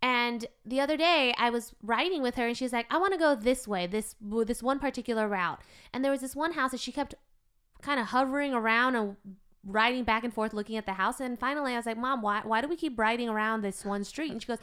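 A woman's voice: a little high, quick pace, fairly bright tone, clean tone. A woman co-hosting a podcast, telling stories in an upbeat, casual chat. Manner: chatty storyteller, upbeat. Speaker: podcast co-host.

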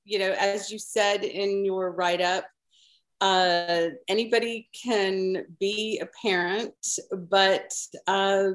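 A woman speaks at an unhurried, deliberate pace, pausing often as she works through her thoughts. She is a guest on a casual panel chat, heard over a video call. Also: mid-range voice, fairly even intonation, rough recording. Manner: measured, thoughtful, halting.

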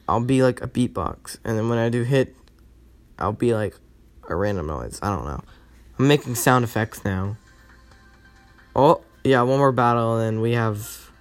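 Young man, gameplay commentary, rambling, self-mocking, phone recording, faint music behind. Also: medium pitch. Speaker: mobile game player.

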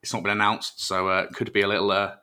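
A man with an English accent, a professional wrestler, talking in a relaxed, self-mocking way on a casual podcast, full of fillers and restarts. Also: fairly low pitch, fast talker. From England.

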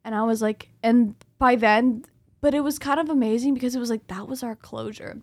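Animated young woman telling a spooky story. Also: fairly high pitch, fairly quick, dry recording. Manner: animated storyteller, swears freely. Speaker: podcast co-host. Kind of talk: casual chat, storytelling.

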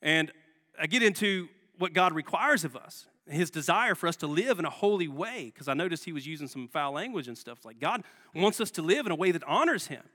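Man, sermon, bright forceful tone, conversational preaching, reverberant church. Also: a little high, expressive, brisk. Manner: conversational preaching with rhetorical questions. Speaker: guest pastor. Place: church sanctuary. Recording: long church hall reverb.

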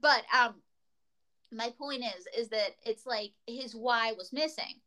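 A woman's voice: fairly high pitch, takes it slowly, pushed and bright, poor audio. A woman comedian telling rambling, tangent-filled stories as a guest in a casual chat. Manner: rambling, tangent-prone storytelling.

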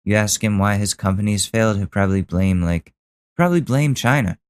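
A man's voice: lowish voice, brisk, clear, resonant tone. A young man hosting a podcast, commenting on clips in a casual, sarcastic, ranting way. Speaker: podcast host.

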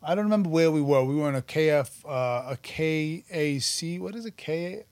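A man, telling stories about his past in an animated, profane, casual interview. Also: fairly high pitch, normal speed, no room sound. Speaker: podcast guest, musician and actor.

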